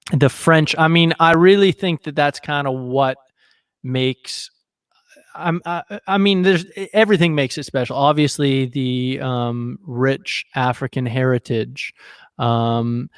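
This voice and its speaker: A man from Canada talking casually on a video call, relaxed and rambling with plenty of fillers. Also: medium pitch, unhurried, clear, resonant tone, no echo, studio quality. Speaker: guest presenter, local correspondent. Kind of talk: casual livestream chat.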